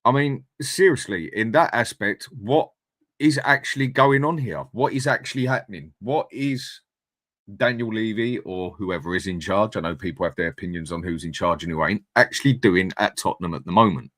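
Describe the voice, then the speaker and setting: Bloke ranting on his live stream, lowish voice, dry close mic, blunt and chatty. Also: normal speed, a bit bright, dry recording. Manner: blunt, chatty, reads out viewer comments. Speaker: fan channel host. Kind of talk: casual live-stream chat.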